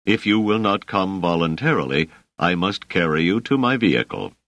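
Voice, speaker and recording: A big, literal-minded sergeant, played by a man, speaks in slow, formal, rumbling syllables. He sounds stolid and unbending. The voice is close and dry. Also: lively intonation, fairly bright tone, no echo, dull audio.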